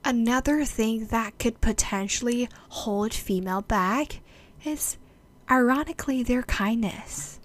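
A woman presenting an explanatory video talk, measured and speaking straight to her viewers. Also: a little high.

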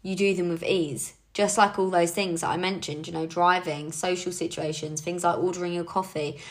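A woman's voice: on the low side, steady tone, normal speed. A young woman leading her team in a casual motivational talk, chatty and encouraging, with frequent fillers. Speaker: team leader.

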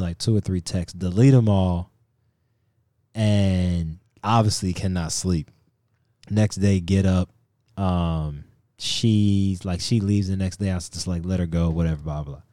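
A man's voice: sits low, normal speed, warm tone, dry recording, clean studio sound. A young man co-hosting a podcast, casually telling a long story with quoted voices and stammering restarts. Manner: rambling, retells with quoted voices, stammers when worked up. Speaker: podcast co-host.

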